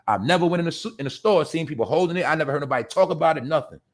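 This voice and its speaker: A man's voice: fairly high pitch, expressive, racing, hardly any pauses, a bit bright. A man hosting an opinionated live-stream commentary, ranting and talking straight to his chat. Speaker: commentary show host.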